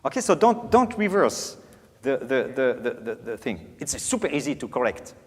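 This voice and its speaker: A man's voice: mid-range voice, normal speed, slightly rough. A man teaching a piano master class, singing out phrases and joking as he coaches. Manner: animated, sings out phrases, playful. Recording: reverberant hall, faint piano.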